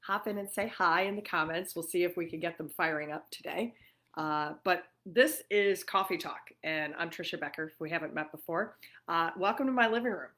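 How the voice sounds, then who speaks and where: A middle-aged woman hosts a relaxed livestream chat from her own living room. Her voice sits slightly low, and she talks in loose, rambling runs, full of fillers and easy laughter. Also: a little fast. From New York. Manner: chatty, warm-hearted and laughing often, with many fillers. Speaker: livestream host.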